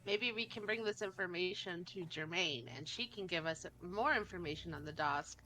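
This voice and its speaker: A woman's voice: lowish voice, normal speed, bright, forceful tone. A woman playing a tabletop role-playing game, playful and pleading when in character. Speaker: player.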